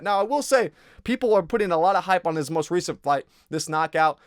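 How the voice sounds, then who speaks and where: Brief: young male fight-pick host, blunt and profane, slightly high voice, dry close sound. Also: expressive, fairly quick, smooth, no echo. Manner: blunt, profane, rambling with restarts. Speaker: MMA betting analyst host. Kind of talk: casual fight breakdown.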